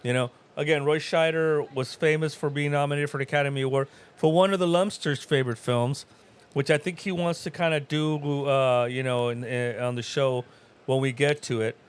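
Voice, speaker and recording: A man's voice: on the high side, fairly even intonation, normal speed, clean tone. A middle-aged man co-hosting a casual movie watch-along, rambling through film trivia and laughing often. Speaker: podcast co-host.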